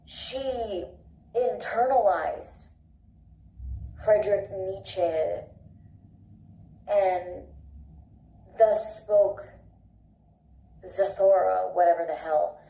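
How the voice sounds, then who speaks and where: A woman speaking in a halting, ranting way. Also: medium pitch, creaky, dark tone. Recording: roomy echo, distant from the mic.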